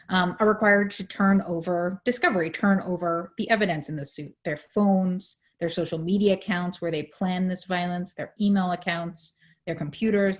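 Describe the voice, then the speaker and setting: Low-voiced woman, hoarse, explaining. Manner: measured, with frequent fillers. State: losing her voice. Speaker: legal advocate in a panel discussion. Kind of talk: explanatory panel talk.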